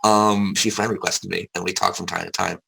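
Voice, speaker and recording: A man's voice: sits low, level tone, a little fast, creaky, pushed and bright, a little hiss or hum, rough recording. A young adult man, an interview guest, frankly telling personal stories with casual swearing and many restarts. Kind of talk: candid personal storytelling.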